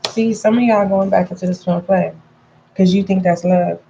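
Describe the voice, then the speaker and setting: A woman's voice: mid-range voice, fairly even intonation, moderate pace, gravelly, dark tone, dull audio, slight background noise. A woman giving a casual tarot reading to her viewers, chatty and frank, calling them pet names and repeating points for emphasis. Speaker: tarot reader.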